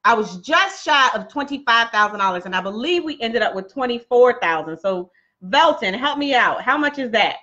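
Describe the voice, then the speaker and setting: A woman's voice: on the high side, lively intonation, moderate pace, bright, forceful tone, highs cut off. A woman coaching viewers on a casual live stream, chatty and laughing often, talking straight to her audience.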